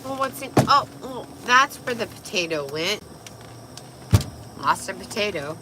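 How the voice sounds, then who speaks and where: Raspy tipsy woman, slow and giggly. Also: mid-range voice, lively intonation, heavy background noise. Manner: loose, giggly and swearing. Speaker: vlogger. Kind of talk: casual livestream chat.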